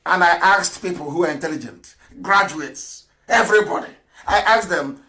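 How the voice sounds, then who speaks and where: Fiery, bright-voiced male radio broadcaster. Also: high voice, moderate pace. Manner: fiery, mocking, with bursts of shouting and laughter.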